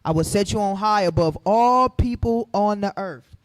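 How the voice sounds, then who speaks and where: High-voiced fiery man teaching scripture. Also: moderate pace, no echo. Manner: preachy, asks the room questions, rises to shouting.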